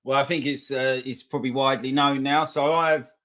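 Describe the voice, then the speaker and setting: A man co-hosting a livestream, telling in a relaxed way how he became a fan and joking with his co-host. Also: medium pitch, brisk. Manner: easygoing storyteller, teasing banter. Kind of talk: casual football chat.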